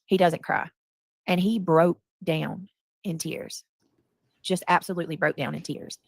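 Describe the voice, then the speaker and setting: Emotional woman with gravelly voice. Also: low-pitched, fairly even intonation, a little slow. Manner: emotional, rambling, quotes her son. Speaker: streamer in a reviewed clip. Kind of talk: emotional storytelling to viewers.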